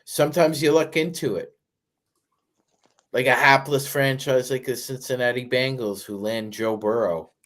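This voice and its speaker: A man co-hosting a sports fan show, explaining his point in a measured way. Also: medium pitch, fairly even intonation, a bit bright. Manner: measured, explanatory, profane when heated. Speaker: podcast co-host. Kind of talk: sports talk commentary.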